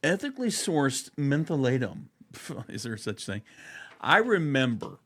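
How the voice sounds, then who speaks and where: A man's voice: medium pitch, sing-song, a little slow, fairly bright tone. A man hosting a casual comedic podcast, joking around and slipping into impressions. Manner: playful, jokey, doing impressions. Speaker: podcast host.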